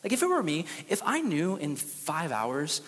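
Give me a young man preaching a lively sermon in a reverberant hall. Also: on the high side, moderate pace, a little hiss or hum. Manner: casual and animated, acts out quotes. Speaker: youth pastor.

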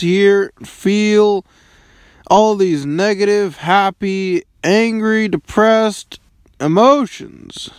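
A man's voice: sits high, dry recording, studio quality. A man in his early twenties rambling casually, swearing often and filling his questions with "like". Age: 20s.

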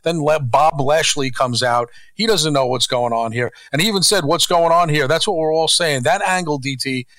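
A man's voice: fairly high pitch, normal speed, hardly any pauses, fairly bright tone, no room sound. A man co-hosting a podcast, ranting bluntly and profanely in casual chat. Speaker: co-host.

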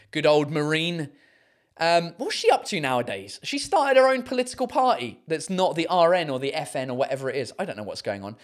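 A podcast host chatting casually on their own show, reading out listener messages. They laugh often, swear casually, and sound out French and German words slowly. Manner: giggly and amused, bursts of high laughter, casual swearing.

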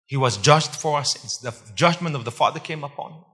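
A man's voice: a little high, brisk, bright, forceful tone, breathy edge. A man preaching a sermon to a congregation, emphatic, repeating key points and quizzing his listeners. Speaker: pastor. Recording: long hall reverb.

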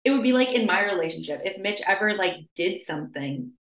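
A woman's voice: mid-range voice, fairly quick. Chatty woman in an echoey room. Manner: animated, says "like" constantly, acts out her own inner voice. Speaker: podcast host. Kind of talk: casual chat.

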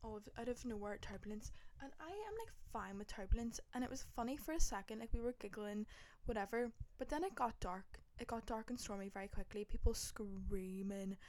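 A woman's voice: a little high, animated, brisk, hardly any pauses, a little mellow. Chatty young woman. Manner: swears a lot, dramatic, lots of likes. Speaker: podcast host. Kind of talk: casual storytelling chat.

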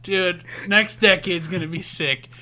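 A young man co-hosting a podcast in casual chat, joking and laughing often with quick bursts of enthusiasm. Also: high-pitched, fairly even intonation, sharp tone. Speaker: podcast co-host.

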